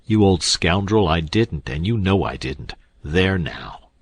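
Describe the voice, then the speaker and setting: A man voicing a middle-aged male con man who scolds his partner loudly and sarcastically. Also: deep voice, animated, a little slow, breathy edge, no room sound, heavily acted. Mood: angry.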